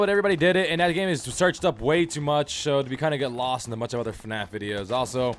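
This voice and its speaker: Talking fast with few pauses, a young man with a medium-pitched voice provides casual gameplay commentary as a gaming YouTuber. He jokes, laughs and tries silly accents over slight background noise.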